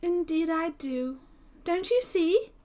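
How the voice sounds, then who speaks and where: A woman reading aloud and voicing a timid, gloomy young male barber's apprentice in a high, plaintive, weary voice. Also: lively intonation, slow pace, dark tone, exaggerated voice. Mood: glum.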